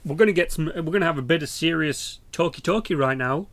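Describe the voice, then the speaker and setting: Gravelly, sweary English gamer. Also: male voice, on the high side, fast, a bit bright. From England. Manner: rambling, sweary banter. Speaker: gaming YouTuber. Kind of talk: casual game commentary.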